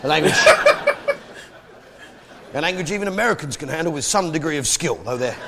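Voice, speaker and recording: A man's voice: a little high, expressive, brisk, vocal fry. An English man doing a stand-up comedy rant with bombastic mock-patriotic bluster, barking out punchlines on a comedy stage. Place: comedy stage before a live crowd. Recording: loud live audience laughter and noise.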